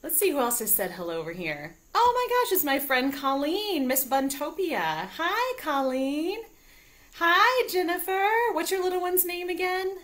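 A woman's voice: high voice, lively intonation, normal speed, hardly any pauses. A woman teaching music to small children, talking to them in a bubbly, coaxing way during a live sing-along stream from home. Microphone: live video stream. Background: ukulele.

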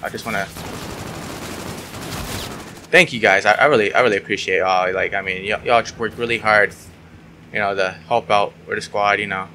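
Bright-voiced sarcastic young man gaming. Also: fairly low pitch, fairly even intonation, moderate pace, long pauses, slight background noise. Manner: sarcastic, swears often, yelps when frustrated. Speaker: gaming YouTuber. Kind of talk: casual gameplay commentary.

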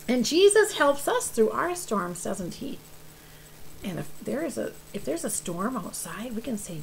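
A woman teaching children's church, telling a Bible story with animated emphasis and questions to the kids. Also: a little high, measured pace, creaky, slight background noise, rough recording.

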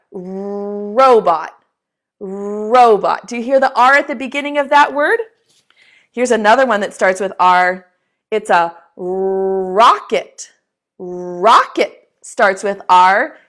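A woman teaching a preschool lesson, talking to young children in a slow, encouraging way and asking them to repeat words after her. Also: a little high, a bit bright.

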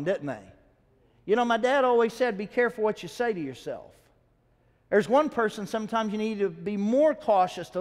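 A lively, high-pitched male pastor delivers a sermon in a church sanctuary, preaching conversationally with rhetorical questions. The recording carries long hall reverb.

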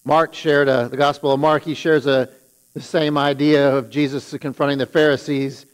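Man preaching a sermon, slightly high voice. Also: little pitch movement, normal speed, rough recording. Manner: paraphrases scripture with rising emphasis on the woes. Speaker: pastor.

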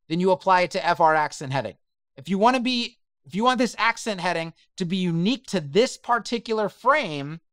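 A man's voice: sits high, fairly bright tone, dry recording, studio quality. A man giving a chatty, emphatic screen-share web design tutorial and speaking straight to his viewers.

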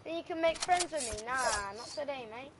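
A young man voicing a tough, distrustful Australian man in a put-on Australian accent, gruff and taunting. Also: very high-pitched, animated, normal speed, background noise. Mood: defiant.

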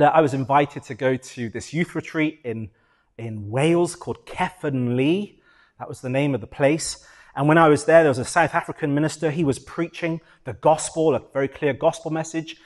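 Animated British pastor preaching a sermon. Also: male voice, fairly high pitch.

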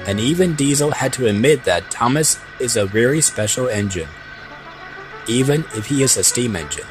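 A man reading a children's story as narrator, lively and slipping into a voice for each character. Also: medium pitch, normal speed. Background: background music.

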